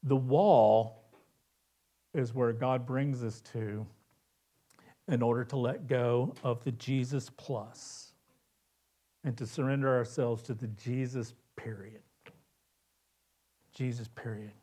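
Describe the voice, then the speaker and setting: A man preaching a sermon in church as pastor. He swings from loud, urgent cries to hushed, quiet tones. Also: medium pitch, steady tone, takes it slowly, pauses often.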